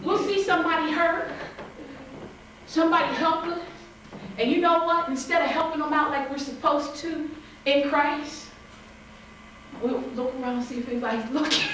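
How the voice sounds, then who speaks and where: High-voiced woman preaching in an echoey hall. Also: measured pace, long pauses, distant mic, a little hiss or hum. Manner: lively, acts out voices, laughs often, calls to the congregation. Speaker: pastor. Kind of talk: sermon.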